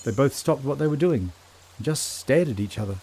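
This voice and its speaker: A man narrating a children's story in a gentle, measured storytelling voice. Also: mid-range voice, expressive, slight background noise.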